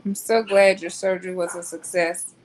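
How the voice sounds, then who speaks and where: A woman hosting a casual live talk, pausing often with ums and restarts. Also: fairly low pitch, level tone, slight background noise, poor audio. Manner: slow, hesitant, many ums and restarts. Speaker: host.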